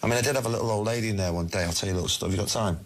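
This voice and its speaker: A man's voice: fairly low pitch, rapid-fire. A man in his forties with a Mancunian accent, guest in a casual interview, talking bluntly with plenty of swearing. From Manchester, England. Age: 40s. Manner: blunt, swearing, laddish storytelling. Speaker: musician guest.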